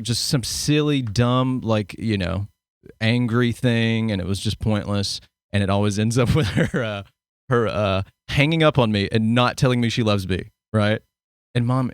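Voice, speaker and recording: A man's voice: medium pitch, no room sound, studio quality. A man hosting a podcast, chatting casually and telling rambling stories. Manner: rambling, animated storyteller. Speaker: podcast host. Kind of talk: casual conversational interview.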